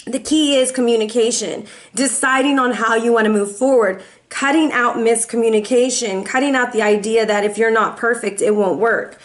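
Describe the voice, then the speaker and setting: A woman reads tarot cards in a loose, chatty way, talking straight to her viewers. Her voice sits a little high for a woman. She keeps it playful, acting out what her viewers might say and humming bits of songs. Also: steady tone, normal speed, few pauses. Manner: chatty and playful, slips into sung lines and quoted voices. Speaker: tarot reader. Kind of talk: casual tarot reading.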